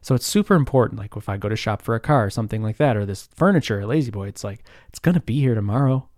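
A man in his thirties telling stories in a relaxed, rambling chat, full of fillers and quick laughs. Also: lowish voice, dry recording, studio quality. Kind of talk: casual storytelling chat.

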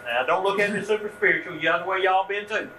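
A man leading a church workshop, telling a story in a folksy, animated way and closing with prayer. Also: high voice, fast. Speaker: ministry workshop leader. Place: meeting room at a church event. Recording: distant mic with steady hum.

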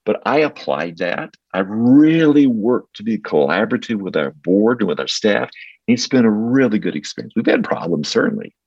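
Deep, husky older pastor. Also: male voice, big pitch swings, normal speed, no echo. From United States. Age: 60s. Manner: reflective, storytelling, earnest. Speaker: pastor, podcast guest. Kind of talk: casual interview talk. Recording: dull, slightly lo-fi sound.

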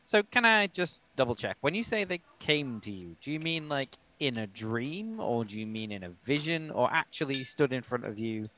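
Animated male player with a lively voice. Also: medium pitch, normal speed, few pauses, a little hiss or hum. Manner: questioning and animated. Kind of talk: casual tabletop play.

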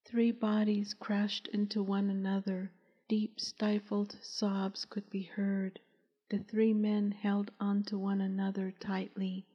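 A woman narrating a novel as an audiobook in a slow, measured, even reading. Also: medium pitch, breathy edge. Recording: dull, echoey recording.

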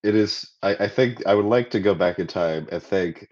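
Super deep deadpan guy, mock serious, kinda muffled audio. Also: normal speed. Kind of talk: casual chat.

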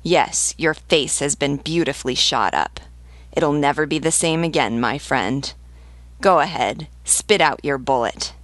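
A woman's voice: low voice, measured pace, dry recording. A woman reading the lines of a brash, mocking wounded soldier in a taunting, scornful manner.

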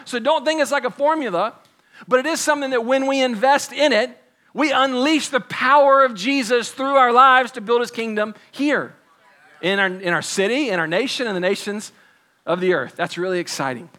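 Guy preaching a sermon, pretty high voice, bright and forceful, chatty and earnest. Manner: earnest, conversational preaching with props. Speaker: pastor.

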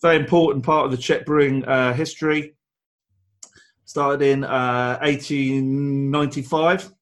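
A man's voice: mid-range voice, steady tone, unhurried. A man co-hosting a casual beer-tasting chat, rambling and enthusiastic, with frequent restarts and fillers. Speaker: podcast co-host.

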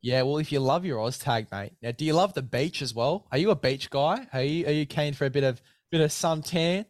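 A man's voice: a little high, brisk, no echo. An Australian man hosting a casual sports preview podcast, blokey and chatty, calling his co-host mate and hamming up an ad read. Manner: blokey, keeps saying mate, hammy ad read.

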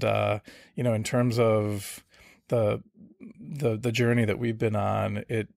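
A middle-aged man answers interview questions about his career in a low, gravelly voice. He talks reflectively and restarts his sentences often. The sound is dry and close. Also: darkish tone, no echo. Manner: reflective, with many fillers and restarts. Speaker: startup founder.

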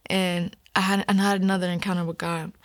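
A woman's voice: fairly low pitch, level tone, fast talker, no echo, studio quality. A young woman telling her faith testimony in an earnest, rambling way, full of "like" fillers and dropping to a whisper when she quotes her own thoughts. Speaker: guest giving a faith testimony. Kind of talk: emotional personal testimony.

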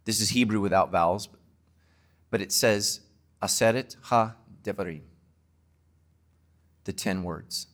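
A man, a pastor, preaching an emphatic sermon to his congregation and closing with a quiet prayer. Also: lowish voice, a little slow, pauses often.

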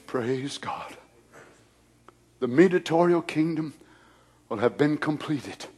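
A man preaching and praying in a sermon, moving from hushed whispers to loud shouts. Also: fairly high pitch, lively intonation, slow, breathy edge. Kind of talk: sermon prayer.

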